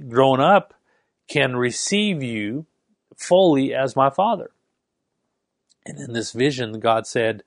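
A middle-aged man delivers a sermon in an earnest, emphatic way, dragging out key phrases for weight. His voice sits at an ordinary pitch and is recorded close and dry, with no room sound around it. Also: no echo. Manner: earnest, with slow emphatic stresses. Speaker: preacher.

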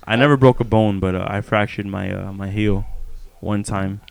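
A man's voice: lowish voice, steady tone, normal speed, creaky, clean tone. A young man telling a story in casual chat, slangy and laid-back, often repeating his words.

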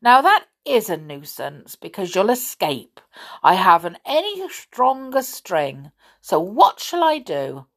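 A woman's voice: medium pitch, sing-song, slow pace, fairly bright tone, full character voice. A woman reading aloud, voicing a fussy, foolish old witch wife who dithers and twitters in a storybook tale.

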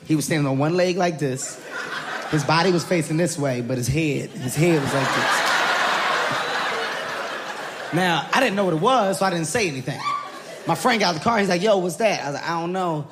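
A man telling an animated comedy story on stage, laughing through it. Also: on the high side, moderate pace, pauses often. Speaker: stand-up comedian. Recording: live crowd and background noise. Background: audience laughter.

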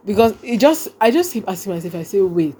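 Young Nigerian woman, lively storyteller. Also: medium pitch, fast talker, slightly rough. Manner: animated, repeats phrases and acts out quoted speech. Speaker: podcast guest. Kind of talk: casual conversational storytelling.

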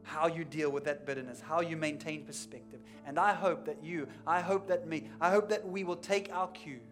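A man preaching a sermon as pastor, building to emphatic peaks and then dropping to quiet, intense lines, repeating key phrases for weight. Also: fairly high pitch, steady tone, normal speed, faint music behind. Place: church.

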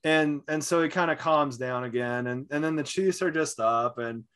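Lively man telling a sports story. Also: on the high side, moderate pace, smooth. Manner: animated storyteller, acts out quotes. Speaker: podcast co-host. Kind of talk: casual sports chat.

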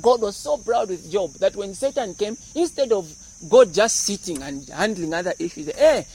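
High-voiced preacher. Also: male voice, normal speed, slight background noise, rough recording. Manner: animated, explains verses with humor and acted-out voices. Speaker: pastor. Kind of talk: sermon.

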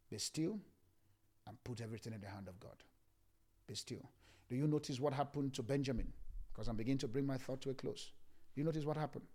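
A male pastor delivers a sermon in a medium-pitched voice, repeating phrases as he swings from hushed whispers to loud shouts.

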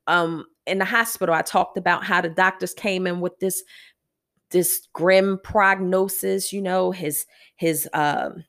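A woman hosting a devotional podcast reads scripture and then talks earnestly about what it means. She speaks slowly and deliberately. Her voice has a gravelly, fry-touched edge. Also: on the low side, fairly bright tone. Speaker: podcast host. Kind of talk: devotional Bible teaching.

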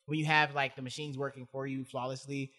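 A man co-hosting a casual podcast, joking and ranting in big swings from loud outbursts to low mutters. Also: brisk. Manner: animated, jokey rants that swing from loud to muttered. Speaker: podcast co-host.

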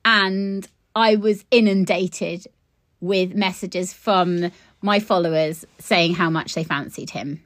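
A woman co-hosting a podcast about flower farming. She tells chatty, animated stories with quick asides. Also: on the low side, no room sound. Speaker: podcast co-host, flower farmer. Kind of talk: casual chat.

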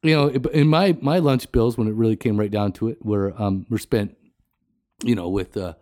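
A man co-hosting a casual podcast, rambling through his points with many "you know"s and quick laughs. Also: lowish voice, darkish tone, dry recording, clean studio sound. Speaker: podcast co-host.

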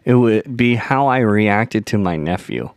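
A man's voice: lowish voice, animated, measured pace, vocal fry, clean tone, dry recording, studio quality. A man co-hosting a parenting podcast, a father who tells stories casually and acts out the voices of the people in them. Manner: acts out quoted voices, laughs at own story. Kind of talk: casual storytelling chat.

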